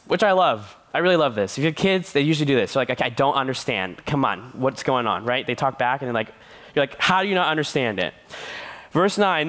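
A man's voice: mid-range voice, lively intonation, fast talker, fairly bright tone. A man preaching as a youth pastor, telling stories with playful voices and laughter. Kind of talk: sermon.

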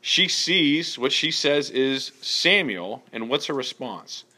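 A man's voice: medium pitch, expressive, slow pace, sharp tone. A man leading a group Bible study in a casual way, reading verses and asking the group questions.

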